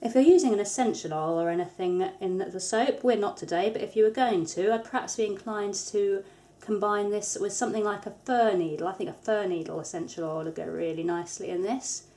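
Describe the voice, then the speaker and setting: A woman's voice: mid-range voice, a little fast, dark tone. A woman, hosting a craft tutorial in a casual, chatty manner with light self-deprecating humour. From England. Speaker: soap maker, tutorial host.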